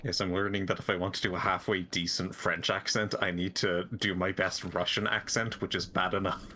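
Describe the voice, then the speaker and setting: A man adding dry, wry remarks to a friend's game stream. His voice is fairly low but bright, with faint background noise. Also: little pitch movement, a little fast. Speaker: stream guest. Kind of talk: casual game commentary.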